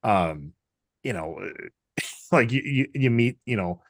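A man in casual podcast chat, telling animated stories and slipping into character voices. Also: medium pitch, takes it slowly, no room sound, clean studio sound. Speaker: podcast guest.

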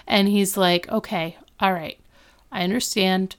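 A woman's voice: medium pitch, fairly even intonation, measured pace, clear, resonant tone. A woman casually recapping a TV episode, acting out the characters' lines as she retells the scenes. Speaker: podcast co-host recapping a TV episode. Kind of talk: casual chat.

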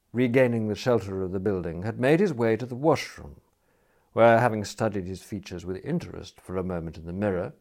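Guy reading a story, lowish voice, very animated. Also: gravelly. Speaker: narrator. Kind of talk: audiobook reading.

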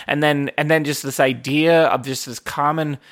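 A man in casual chat, rambling and animated as he tells stories, swearing freely. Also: a little high, moderate pace.

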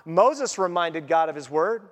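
A man with a fairly high voice preaches a sermon, talking to the congregation in a casual, animated way. His voice carries with a long reverb from a large church hall. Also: unhurried. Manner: conversational, animated, laughs at his own points. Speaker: pastor.

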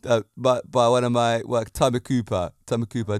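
A man's voice: mid-range voice, level tone, brisk, smooth, no echo, studio quality. A man hosting a fitness lifestyle podcast, talking in an upbeat, preachy way and cracking jokes. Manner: upbeat and preachy, tells jokes, laughs often. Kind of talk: motivational podcast monologue.

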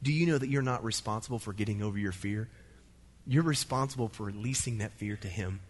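A middle-aged man from the United States preaching a sermon, emphatic and animated, with playful asides. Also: mid-range voice, breathy edge. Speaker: pastor.

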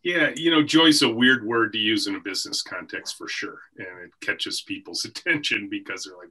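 A man's voice: lowish voice, lively intonation, normal speed, sharp tone. A middle-aged man, a company CEO, guest on a podcast, talking reflectively and telling stories about his workplace. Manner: reflective, story-telling, occasional laughs. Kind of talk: conversational podcast interview. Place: office with a team room behind him.

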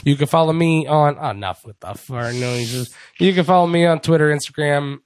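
A man's voice: a little high, moderate pace, clear, resonant tone, no echo. A man co-hosting a casual wrestling podcast, laid-back and joking, swearing freely. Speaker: podcast co-host.

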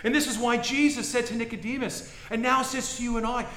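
Male preacher, high and bright, dramatic hushed-to-shouting sermon delivery, echoey room. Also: steady tone, a little fast. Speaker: pastor.

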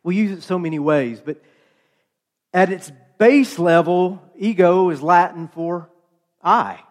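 A man's voice: high-pitched, unhurried. A man preaching a sermon, telling stories in a conversational way with playful asides. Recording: long hall reverb.

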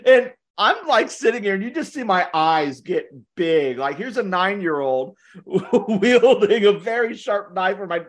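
A man's voice: high-pitched, very animated, a little slow. A young man co-hosting a podcast, telling a story in a casual way, with joking asides and frequent laughter. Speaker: podcast co-host.

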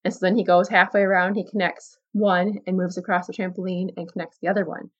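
A woman hosting a casual Christian podcast, talking earnestly to her listeners and reading a story aloud with lively emphasis. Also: lowish voice, fast talker, dull audio. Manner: earnest, conversational, often says "like" and "guys". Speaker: podcast host.

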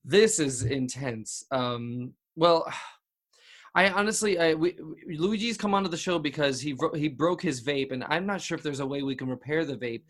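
A man's voice: a little high, expressive, moderate pace, fairly bright tone. A man hosting a parody advice show, overly polite and hesitant, with many restarts. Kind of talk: mock talk-show hosting.

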